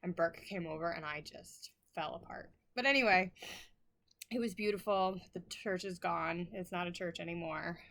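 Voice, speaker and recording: A woman's voice: on the low side, moderate pace, creaky, a bit bright. Rambling, apologetic woman vlogger. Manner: rambling and apologetic, laughing often. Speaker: flosstube host. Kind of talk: casual chat to camera.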